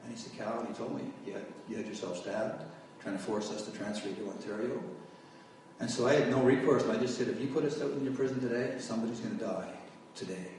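Male preacher telling his story from the pulpit, mid-pitched, caught by a distant mic in a very echoey hall. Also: fast, a little mellow, a little hiss or hum. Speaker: preacher giving testimony. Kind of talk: testimony sermon.

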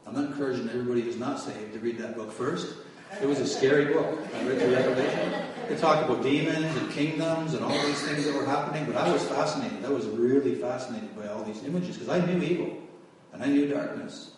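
A man's voice: medium pitch, fast talker, few pauses, distant mic. Man preaching in an echoey hall. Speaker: preacher giving testimony. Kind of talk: testimony sermon.

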